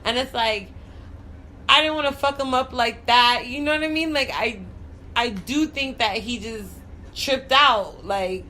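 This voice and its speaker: Brief: chatty woman talk host, frank and bubbly, bright tense tone. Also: on the high side, a little slow, slight background noise. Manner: frank and profane. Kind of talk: casual chat.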